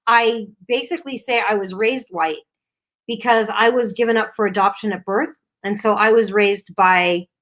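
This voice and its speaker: A woman's voice: mid-range voice, fairly even intonation, moderate pace, a bit bright. A middle-aged woman co-hosting a casual livestream, reading viewer comments aloud and chatting with lots of fillers. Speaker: livestream co-host.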